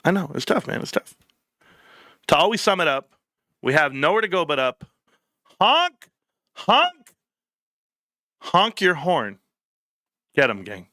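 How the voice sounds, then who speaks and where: A man's voice: on the high side, very animated, fairly quick, long pauses, pushed and bright, no echo, clean studio sound. A man hosting a casual live stream, joking, rambling and swearing freely as he talks to viewers by name.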